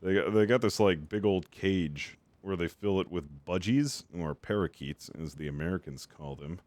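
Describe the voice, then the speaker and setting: A man's voice: low-pitched, moderate pace, a little mellow, dry recording. A man streaming a game, chatting casually with viewers in a rambling way and swearing freely.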